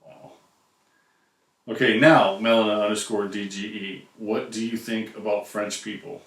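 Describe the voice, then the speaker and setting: A man's voice: fairly low pitch, fairly even intonation. An American man co-hosting a casual chat, reading viewer questions aloud with dry jokes. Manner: joking, reads questions aloud haltingly. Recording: echoey room.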